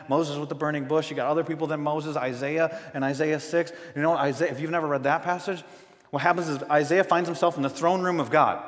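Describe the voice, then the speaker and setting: A man preaching a sermon as pastor, conversational, swinging between loud emphasis and hushed moments, recorded in a church sanctuary. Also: fairly high pitch, long reverb tail.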